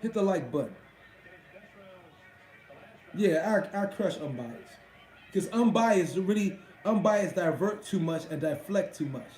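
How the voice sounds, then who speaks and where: A man's voice: high voice, animated, measured pace, pauses often, darkish tone, reverberant, poor audio. A man hosting a live stream, chatting casually with his viewers in a profane, boastful way. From Washington D.C.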